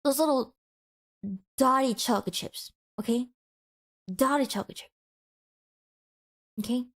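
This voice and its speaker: A woman's voice: high voice, unhurried. A woman streamer giving a mock-passionate, teasing rant to her chat in a playful, dramatic way.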